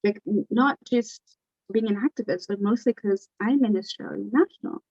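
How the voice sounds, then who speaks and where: A young adult woman telling her story as an interview guest, animated and acting out the dialogue. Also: mid-range voice, normal speed, dry recording. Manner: animated, acts out quoted dialogue. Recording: dull lo-fi dry recording.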